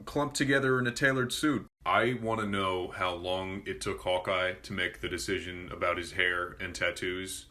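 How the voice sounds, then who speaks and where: A man's voice: low voice, pushed and bright. A young man delivering a sarcastic, exasperated comedic rant and slipping into mocking voices. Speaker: comedy vine creator.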